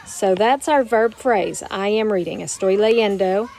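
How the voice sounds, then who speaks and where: A woman's voice: mid-range voice, vocal fry, darkish tone, slight background noise. Patient woman teaching Spanish grammar. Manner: patient, explanatory, slows down to model Spanish words. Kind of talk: recorded classroom grammar lesson.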